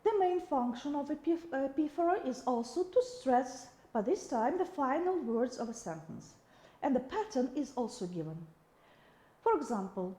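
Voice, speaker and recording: A woman's voice: high-pitched, sing-song, moderate pace, mellow, reverberant. A woman with a Russian accent giving a recorded video lecture, reading examples aloud with the odd restart.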